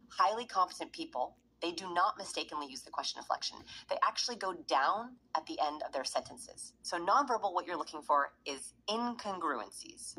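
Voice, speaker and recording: A woman's voice: fairly low pitch, pushed and bright, slight background noise, rough recording. A woman researching behavior, explaining her findings in an interview and acting out examples as she goes. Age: adult parent. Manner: demonstrates examples by acting out voices.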